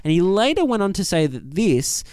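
A young man co-hosting a casual movie review chat, animated, swearing and laughing a lot. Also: sits high, moderate pace, clean tone, dry recording, studio quality. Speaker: podcast co-host.

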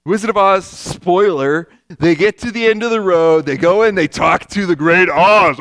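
A man with a high voice delivers a sermon as pastor, talking in a relaxed, conversational way that still hits hard, circling back to repeat his main lines. The sound is dry and close, with no room around it. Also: normal speed, hardly any pauses, dry recording.

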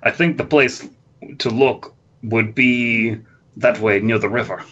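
Comic podcast read: man doing a sly, hammy cartoon-villain voice, halting drawl, muffled mic. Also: medium pitch, fairly even intonation, a bit bright, breathy edge. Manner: reads lines haltingly, slipping into a slow drawl.

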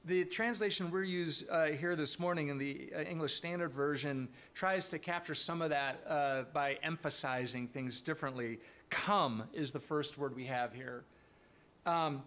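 Guy giving a sermon, kinda high voice, earnest and searching, lots of restarts. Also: moderate pace, a bit bright. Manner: earnest, thoughtful, with frequent restarts. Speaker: pastor.

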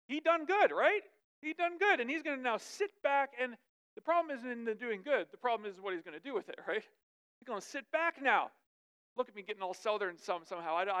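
Woman preacher, smooth clear voice, chatty sermon, lively and informal. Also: medium pitch. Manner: lively, chatty, asks 'right?' often. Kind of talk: conversational sermon.

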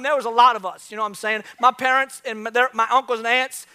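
A male pastor in his thirties preaching a sermon to a church congregation, telling stories with big swings from quiet to loud. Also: very high voice, fast, few pauses, smooth. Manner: animated storytelling, swings from soft to loud. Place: church with live audience.

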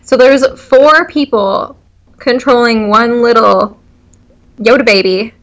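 A woman's voice: a little high, slow, fairly bright tone. A woman gushing in casual chat, laughing often and saying "like" a lot.

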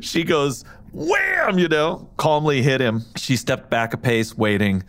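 A man co-hosting a podcast, chatting casually about a story and reading passages aloud with lively emphasis. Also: mid-range voice, a little slow, clear, resonant tone. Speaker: podcast co-host.

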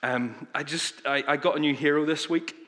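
A man's voice: a little high, fairly even intonation, normal speed, a bit bright. A man preaching a sermon as pastor, earnest and emphatic, with frequent fillers and restarts. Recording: long reverb of a large hall.

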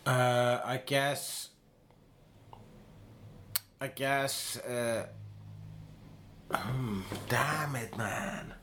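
A man's voice: medium pitch, fairly even intonation, very slow, pauses often, a bit bright, a little hiss or hum. A man from Iceland co-hosting a podcast, chatting casually with a lot of hesitation and restarts. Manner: hesitant, many fillers and restarts. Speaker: podcast co-host. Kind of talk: casual chat.

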